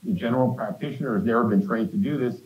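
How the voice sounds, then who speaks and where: A man's voice: medium pitch, fast talker, muffled recording. A man giving a university lecture in a conversational way, speaking directly to the students with quips. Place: lecture hall. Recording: echoey lecture hall.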